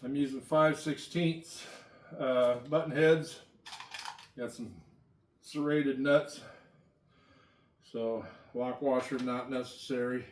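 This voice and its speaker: A man's voice: medium pitch, fairly even intonation, slow pace, long pauses, a little hiss or hum. A man casually narrating a tool-cart build in a cramped home workshop, rambling and offhand, breathing heavily. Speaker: DIY tool vlogger.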